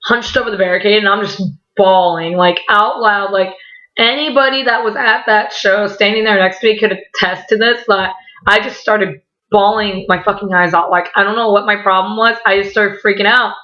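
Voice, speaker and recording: A young woman telling a story in a casual, rambling way, excited, swearing often and saying "like" a lot. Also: medium pitch, normal speed, highs cut off. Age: young adult. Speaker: vlogger.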